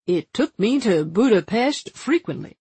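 A suave, courtly official in his forties, as a woman narrator puts him on, speaking with a mid-Atlantic accent in a drawn-out, jovial manner. His voice is a little husky and lively in pitch, set close and dry. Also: dry recording, heavily acted. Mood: self-deprecating. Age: 40s.

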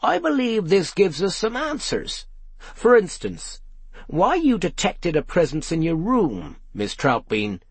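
A man voicing an excitable, curious investigator who talks eagerly. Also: fairly high pitch, slightly rough, no echo, exaggerated voice. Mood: excited. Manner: eager, brisk.

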